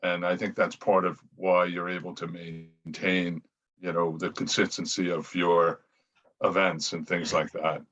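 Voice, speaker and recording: Deep-voiced male podcast host. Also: level tone, a little slow, a bit bright. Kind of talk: interview questions. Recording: dull lo-fi podcast audio.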